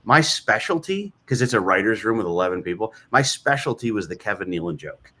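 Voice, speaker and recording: Quick bright-voiced comedian guy, pitch bouncing all over, does little voices in his stories. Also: very animated, slightly rough. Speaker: comedian guest. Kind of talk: casual chat, telling comic stories.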